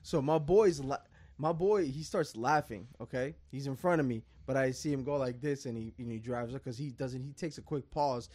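A man's voice: mid-range voice, normal speed. A man telling stories in a casual, profanity-laced podcast chat. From New York. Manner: animated storyteller, swears freely. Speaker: podcast co-host.

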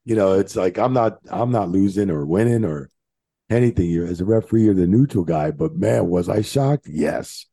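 A man, a veteran referee guest on a podcast, telling profane, animated road stories in casual chat. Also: deep voice, normal speed, breathy edge, dry recording.

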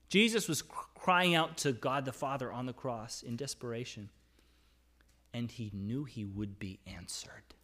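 Man, pastor, sermon, reads scripture aloud, voice rises on cries of despair, conversational with frequent "right?", middle pitch. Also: a little slow, a bit bright.

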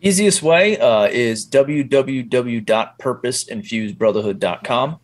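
A podcast guest who leads a men's group tells stories in a casual interview chat. His mid-range voice moves a little slowly, yet he is animated, acting out his own inner voice as he narrates.

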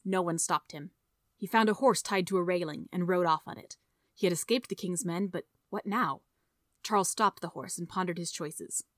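A woman reading a story aloud in a steady, measured narration. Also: fairly low pitch, no echo, studio quality. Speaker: audiobook reader.

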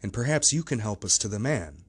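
A man reading the lines of an eager police officer, exclaiming a bit louder than his narration. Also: fairly low pitch, big pitch swings, brisk, slightly rough.

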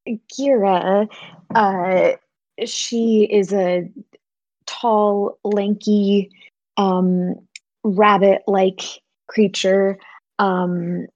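Slow, halting woman guest player. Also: mid-range voice, fairly even intonation, a little mellow, dry recording, highs cut off. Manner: halting, with many "um"s and pauses. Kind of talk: describing her character, casual.

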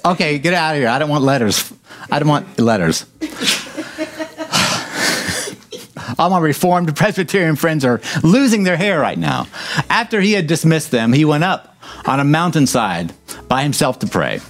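A man's voice: fairly high pitch, sing-song, a little slow, pauses often, a bit bright. A man preaching a sermon, reading scripture and breaking into joking asides, hammering points with repetition.

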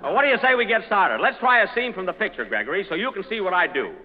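A man's voice: sits high, very animated, quick pace. A man hosting a 1930s radio comedy, with dry, exasperated comic timing. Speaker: comedy show host. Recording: muffled old radio broadcast with long reverb.

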